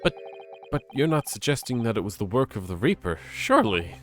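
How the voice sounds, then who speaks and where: A man voicing an earnest young male defense lawyer in a game, with high, startled exclamations. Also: big pitch swings, brisk, lightly acted.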